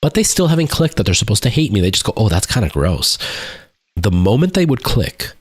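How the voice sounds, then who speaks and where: A man's voice: medium pitch, sing-song, quick pace, darkish tone, dry recording, clean studio sound. A man talking casually on his live stream, telling a rambling story with many fillers and restarts. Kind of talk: casual chat.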